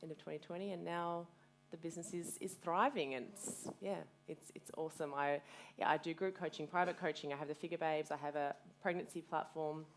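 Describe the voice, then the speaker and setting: Speaking fairly quickly in a low-pitched voice with fairly even intonation, a woman in her thirties tells her story at a live community event. She's a guest speaker who runs a fitness business, energetic and blunt, swearing freely and quoting herself.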